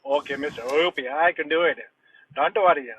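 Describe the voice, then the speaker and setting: A man's voice: a little high, fairly quick, a bit bright, slightly rough. A man joining a casual chat over a call, jokey and fond of mimicking film lines and accents. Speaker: guest friend.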